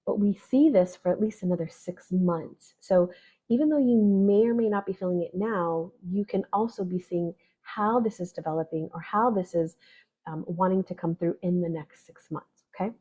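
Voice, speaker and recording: A woman's voice: fairly low pitch, moderate pace, mellow, husky. A woman astrologer giving a casual spoken forecast, chatty and full of "right?" and "like". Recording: dull lo-fi audio.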